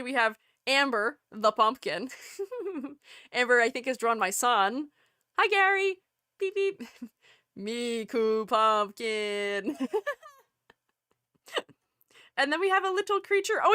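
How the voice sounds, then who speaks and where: Giggly, high-pitched bubbly woman streamer. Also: bright, forceful tone, no echo, clean studio sound. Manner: giggly, bubbly, often laughing; exclaims in delight. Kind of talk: casual live-stream chat with viewers.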